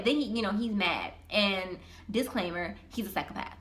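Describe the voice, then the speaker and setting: A young woman vlogger telling a personal story in a casual, animated, slangy way. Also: fairly high pitch, moderate pace.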